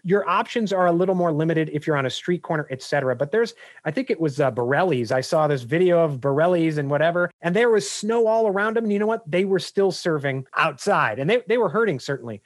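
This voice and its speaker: A man who is a business coach, a guest on a podcast, telling anecdotes in an energetic, animated way. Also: on the high side, fast, no echo. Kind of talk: podcast interview storytelling.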